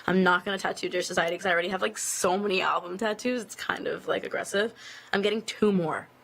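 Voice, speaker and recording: A woman answers fan questions in a casual live stream, streamed from a phone inside an office building. Her voice has a gravelly, fry-tinged texture, and her talk rambles from one thought to the next, full of "like" fillers. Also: mid-range voice, steady tone, fast talker, fairly bright tone. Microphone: phone streaming live video.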